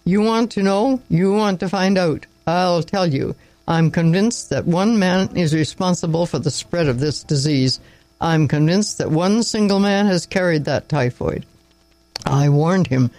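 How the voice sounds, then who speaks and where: A man's voice: high voice, measured pace, no echo, poor audio. A man doing a weary, curt young doctor. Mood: angry. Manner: curt, contemptuous, sharp. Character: weary, angry young male country doctor.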